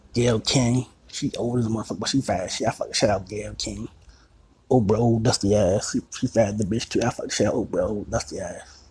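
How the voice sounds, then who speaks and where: A man's voice: on the low side, darkish tone, breathy edge. A man hosting his own podcast in a crude, boastful, rambling comedic monologue. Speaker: podcast host.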